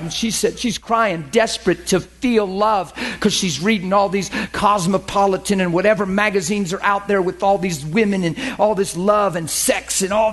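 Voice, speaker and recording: A man with a high, bright-sitting voice delivers a sermon in a passionate, animated way. He preaches with fervor and presses each point hard.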